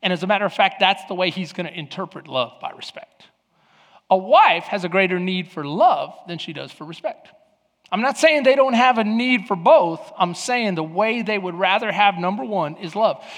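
A man preaching a sermon as pastor, telling stories lively and acting out the voices of the people in them. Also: sits high, moderate pace. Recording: long hall reverb.

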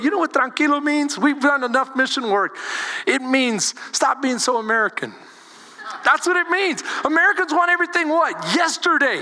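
A man preaching a sermon as a pastor, animated and calling on the congregation for responses. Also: very high-pitched, normal speed, long reverb tail.

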